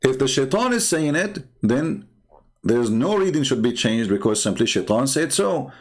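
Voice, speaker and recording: A male livestream host with a mid-range voice and big pitch swings comments at a moderate pace on religious texts. His delivery is argumentative, heavy on repeated rhetorical questions, filler and hesitation.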